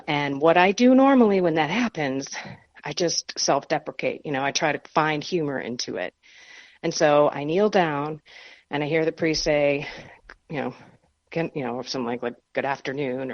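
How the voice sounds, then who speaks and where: A woman guest on a radio interview, telling a personal faith story in an animated, self-deprecating way. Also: low voice, dull audio. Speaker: guest author.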